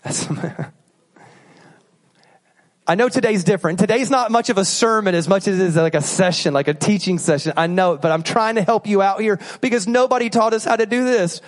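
A man preaching a sermon in a church, animated and joking, acting out examples as he teaches. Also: high-pitched, quick pace, few pauses. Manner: animated, joking, acts out bad apologies. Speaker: pastor. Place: church auditorium. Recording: long reverb of a large hall.

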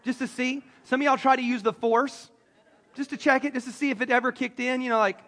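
A man's voice: very high-pitched, fairly even intonation, fairly quick, a bit bright, big-room sound. A man preaching a sermon, joking with the congregation and talking straight to them. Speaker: pastor. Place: church sanctuary.

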